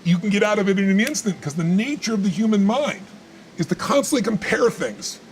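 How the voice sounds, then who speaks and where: A man's voice: high voice, expressive, brisk, a little hiss or hum. A man giving motivational talk in conversation, emphatic and repetitive, telling stories to make his point. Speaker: motivational speaker.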